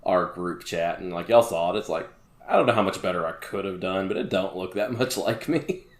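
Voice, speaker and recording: A man's voice: low voice, fairly quick. A man co-hosting a podcast, chiming in with laid-back, wry remarks during casual gaming chat. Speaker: podcast co-host. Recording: roomy echo.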